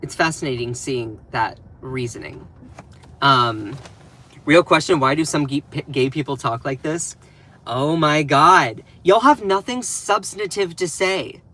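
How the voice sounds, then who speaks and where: A man's voice: fairly high pitch, unhurried, bright, forceful tone. A man with a Southern US accent giving casual live-stream commentary, emphatic and repeating phrases for stress.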